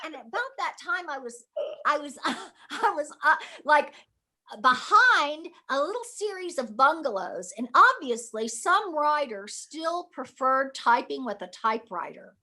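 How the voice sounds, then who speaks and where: A woman's voice: sits high, sing-song, moderate pace, bright, forceful tone. A middle-aged actress telling a story in an interview, acting out her own past voice and reactions. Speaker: guest actress.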